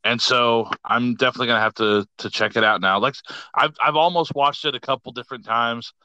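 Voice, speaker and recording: A man co-hosting a casual podcast, easygoing and agreeable with some halting restarts. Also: mid-range voice, pushed and bright, no room sound, dull audio. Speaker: podcast co-host. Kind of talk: casual chat.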